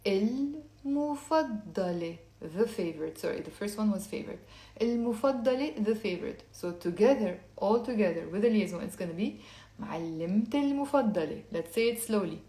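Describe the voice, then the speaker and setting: A woman teaching a language lesson, explaining step by step and repeating words slowly for learners to say along. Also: medium pitch, expressive, dark tone, reverberant. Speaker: Lebanese Arabic teacher.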